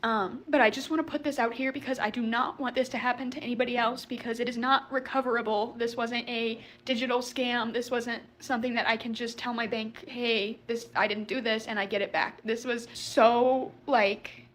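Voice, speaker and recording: A young woman speaks in an emotional confessional video, tearful and close to crying as she rambles anxiously. Her voice sits somewhat high, and she keeps blaming herself. A faint hum of background noise runs under her speech. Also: little pitch movement, moderate pace, few pauses, a bit bright. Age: young adult. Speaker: social media poster telling her story.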